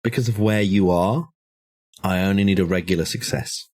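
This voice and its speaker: A man running a tabletop horror game as game master, narrating in a measured, descriptive way with small hesitations. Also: low voice, a little mellow.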